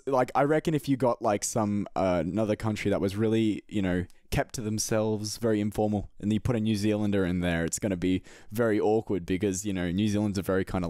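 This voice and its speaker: A man's voice: on the low side, a little mellow, no room sound, clean studio sound. A young man with a light Australian accent, hosting a casual interview in a chatty, swearing, self-deprecating way. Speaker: interview host.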